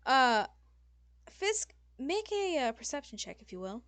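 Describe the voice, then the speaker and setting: Bright-voiced woman game master. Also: sits high, sing-song, a little slow, no room sound. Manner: casual, loose, heavy on fillers and swearing. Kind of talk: narrating a tabletop game.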